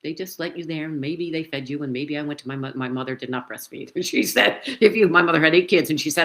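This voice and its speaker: This woman, aged in her seventies, speaks fast with few pauses in a low-pitched voice. Recorded indoors on a computer mic, she tells her own story casually, animated and emphatic, gesturing with her hands.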